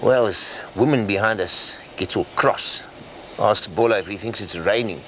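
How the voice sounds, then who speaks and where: An actor playing a boastful, joking petrol station owner, full of chuckling bluster. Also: male voice, on the low side, moderate pace, a bit bright, slight background noise, lightly acted, poor audio. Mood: cocky, jokey. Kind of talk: sitcom acting.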